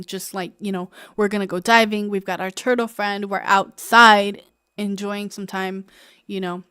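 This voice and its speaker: A woman's voice: fairly high pitch, no echo. Chatty, rambling woman streamer, dry sound. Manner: chatty and rambling, laughs often, easily sidetracked. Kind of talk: casual gameplay stream chat.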